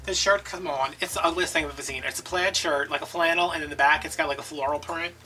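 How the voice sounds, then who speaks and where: A man telling a casual story as a crafting video host, animated and gossipy, acting out other people's voices as he goes. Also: on the high side, fast, a little hiss or hum. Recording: distant mic with faint background music.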